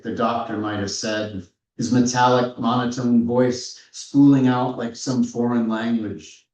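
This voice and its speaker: A man in his fifties, an author giving a measured, reflective reading from his memoir at a live authors' event. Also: medium pitch, fairly even intonation, darkish tone. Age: 50s. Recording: roomy, distant, dull-sounding hall recording.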